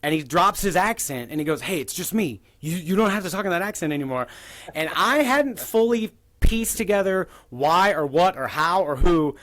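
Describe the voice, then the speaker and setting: A man's voice: high-pitched, animated, normal speed, fairly bright tone. A man telling a rambling tabletop-game story in casual podcast chat. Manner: rambling, with many restarts.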